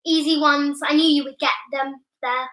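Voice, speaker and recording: Excitable high-voiced young woman. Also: moderate pace, a crowd in the background. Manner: chatty, excitable, keeps interrupting. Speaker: quiz co-host. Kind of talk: casual chat. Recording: echoey room.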